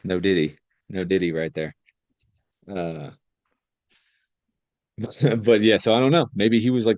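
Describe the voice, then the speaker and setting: A young man with a low, deep voice chats loosely on a podcast and laughs easily as he rambles. The sound is dry and close. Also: a little slow, long pauses, darkish tone, no room sound, muffled recording. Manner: joking, rambling, laughs often. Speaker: podcast co-host. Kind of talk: casual chat.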